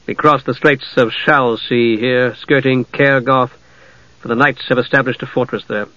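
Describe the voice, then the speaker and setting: A man voicing a stern, proud male knight who speaks slowly and gravely, in a storybook reading. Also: medium pitch, fairly even intonation, sharp tone, dry recording, lo-fi sound, natural voice. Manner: slow, measured, grave.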